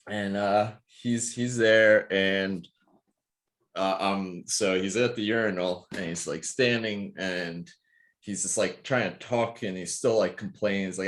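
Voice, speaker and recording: A man with a lowish voice speaks at a measured pace, his tone fairly bright. He's a physical therapist co-hosting a podcast, telling stories casually and laughing often as he rambles through plenty of fillers.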